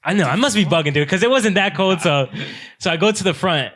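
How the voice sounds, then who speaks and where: Animated young man telling a story. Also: high-pitched, fast. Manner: animated, says "dude" constantly, quotes himself and others. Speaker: podcast co-host. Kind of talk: casual storytelling among friends.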